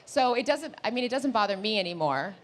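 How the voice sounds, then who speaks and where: A woman co-hosting a live podcast on stage, chatty and laughing, reading out listener questions and giving advice. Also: lively intonation. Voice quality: deeper voice. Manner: chatty, laughing, fast-talking. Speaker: podcast co-host.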